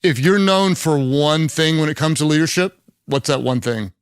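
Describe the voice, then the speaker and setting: A man's voice: fairly high pitch, moderate pace, smooth, no echo, studio quality. A man with a Southern Oklahoma accent hosting an interview, asking questions in an encouraging, affirming way. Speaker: podcast host. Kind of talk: conversational interview.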